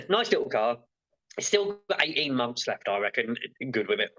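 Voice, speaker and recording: A man's voice: mid-range voice, big pitch swings, normal speed, fairly bright tone, muffled recording. A male therapist being interviewed, talking frankly and rambling with lots of fillers. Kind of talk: casual interview chat.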